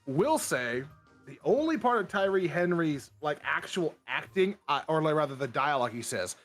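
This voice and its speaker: A lively, rather high-voiced young man on a livestream with faint music under him. He talks in animated, opinionated bursts and keeps breaking into mocking impressions of other voices. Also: normal speed. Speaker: streamer host. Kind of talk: casual chat.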